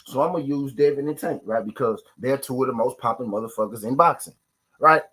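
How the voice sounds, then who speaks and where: Husky man ranting about boxing fans. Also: mid-range voice, brisk, fairly bright tone, poor audio. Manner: repeats "right?" constantly, profane street slang. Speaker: boxing talk show host. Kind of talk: live-stream casual rant.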